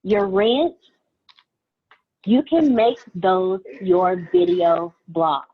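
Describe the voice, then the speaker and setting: A woman's voice: lowish voice, animated, very slow, slightly rough. A woman co-hosting in an upbeat, conversational way. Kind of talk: casual talk. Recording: tinny phone-like audio.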